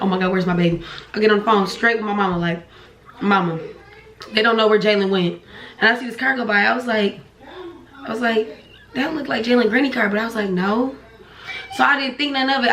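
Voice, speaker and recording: A young woman, telling a story casually while eating, acting out voices with sharp pitch jumps. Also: fast talker, reverberant. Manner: animated storytelling, acts out dialogue with pitch jumps. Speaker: vlogger. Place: home room.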